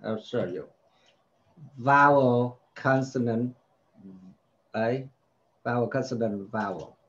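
A man takes a child through spelling words at an unhurried pace. He sounds out the vowels patiently and repeats each word before moving on. His voice sits at a middle pitch, and the recording sounds dull and lo-fi. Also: fairly bright tone. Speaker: home tutor.

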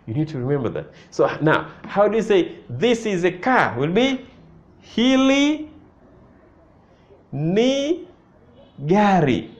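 Man, Tanzanian accent, teacher, slow lively pitch, muffled lo-fi recording. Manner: slow, patient, repeats phrases and asks "you see that?". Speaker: Swahili teacher. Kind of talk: language lesson.

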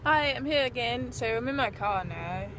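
A woman's voice: fairly high pitch, expressive, moderate pace, fairly bright tone, a little hiss or hum. A young woman speaking in a put-on British accent, talking casually to her vlog camera in a rambling way with many fillers. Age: young adult. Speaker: vlogger. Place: in her car.

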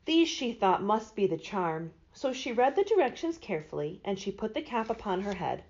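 A librarian reads a children's storybook aloud, her lively voice rising and falling through the narration. She sounds mid-pitched for a woman. The recording is dull and lo-fi. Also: moderate pace. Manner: expressive.

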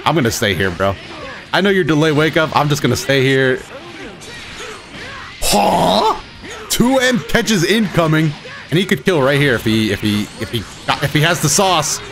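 A man giving live commentary on his own fighting-game matches, excitable, swinging between muttering and shouting, his throat a bit rough. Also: on the high side. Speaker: gaming YouTuber.

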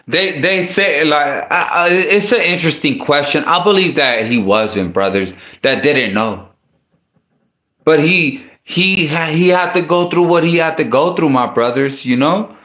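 A man talks through a sermon in a loose, conversational way, full of restarts and slang asides. His voice sits fairly high. The sound carries a roomy echo. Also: pushed and bright. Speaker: preacher. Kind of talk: casual sermon.

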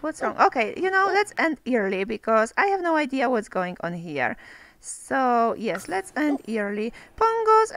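Woman gamer, high bouncy voice, chatty play-by-play. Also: a bit bright, no echo, poor audio. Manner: chatty, talks to game characters, exclaims over cute moments. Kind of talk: casual gameplay commentary.

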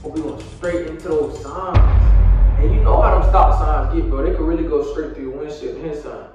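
A young man with a fairly high voice spins a loose, slangy story for his viewers, dropping fillers as he goes. He sits back from the mic in a very echoey room. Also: fairly even intonation, brisk, recorded from a distance, dull audio, over loud music. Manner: casual, slang-heavy storytelling with frequent fillers. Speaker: vlogger. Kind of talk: storytime vlog.

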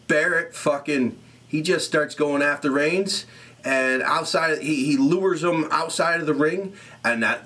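A young man casually recapping a wrestling show, animated and rambling, swearing often and laughing at his own remarks. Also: medium pitch.

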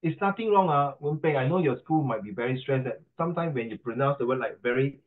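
This middle-aged man talks fast and expressively in a mid-range voice, with a Singaporean English accent. He coaches pronunciation in an online class, chatty and teasing, and drifts into Mandarin. The tinny audio comes through a video call.

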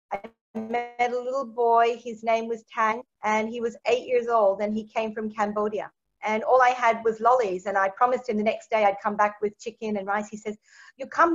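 A woman sharing her personal testimony as an interview guest, her voice a touch higher than most. She brings her story to life by acting out the lines of the people in it. The recording sounds dull and lo-fi. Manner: lively storyteller who acts out quoted dialogue.

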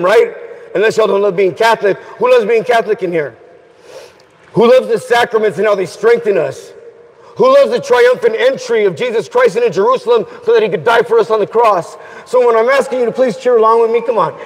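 A man giving an energetic Catholic faith talk, leading prayers and call-and-response chants and urging the crowd to cheer along. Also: high-pitched, husky. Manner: rallying, exhorts the crowd to cheer and repeat. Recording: long reverb from a large hall.

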